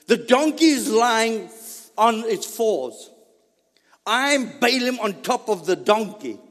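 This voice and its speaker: A male pastor preaching a sermon in a church, theatrical and animated, often breaking into laughter. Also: very high voice, slow pace. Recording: echoey church hall reverb.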